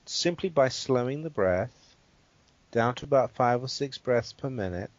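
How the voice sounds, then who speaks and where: A man who is a guest expert, calmly walking through a guided exercise and checking in with the listener as he explains. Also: medium pitch, no echo. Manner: measured and explanatory, checks in with "right?". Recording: dull, dry interview audio.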